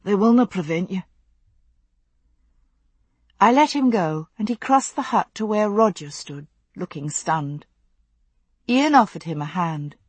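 A woman reading a novel aloud as narrator, in a steady, measured storytelling manner. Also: medium pitch, breathy edge, no room sound. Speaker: audiobook narrator. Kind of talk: scripted narration.

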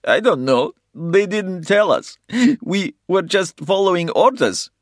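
A man's voice: fairly high pitch, lively intonation, moderate pace, a bit bright, slightly rough, no room sound, clean studio sound, pitched above the performer's own voice. A man voicing a wounded Russian agent who pleads and sobs under interrogation. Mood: terrified pleading. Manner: sobbing, pleading, gasping in pain. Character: wounded, terrified male Russian agent captive.

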